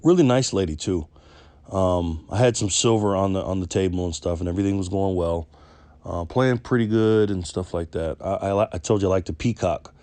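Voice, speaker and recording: A man's voice: sits low, brisk, warm tone, no room sound. A man vlogging, telling a story casually and loosely, with lots of ums and restarts. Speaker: political vlogger.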